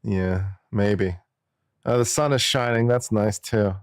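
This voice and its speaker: A man's voice: on the low side, slow, no room sound, clean studio sound. A man, an attorney, giving casual and jokey live-stream commentary, musing aloud and often repeating himself.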